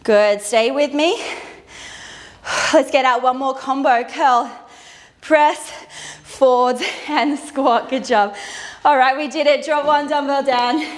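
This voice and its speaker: Speaking slowly with long pauses, a woman with a high voice runs a guided dumbbell workout in an indoor studio. This fitness instructor is winded from exercising but cues each move with cheerful encouragement.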